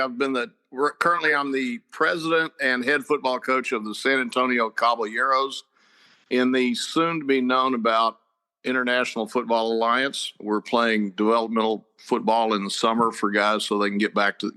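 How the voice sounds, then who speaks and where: An older man, a head football coach, telling stories in a casual chat, with a lively, laughing manner. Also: mid-range voice, normal speed, smooth. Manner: animated, laughing storyteller.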